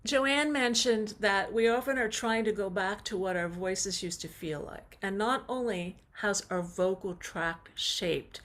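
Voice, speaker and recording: Slow-talking woman voice coach. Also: medium pitch, a bit bright. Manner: slow, encouraging coaching with sung demonstrations. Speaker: voice teacher. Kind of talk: online vocal warm-up lesson. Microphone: video call.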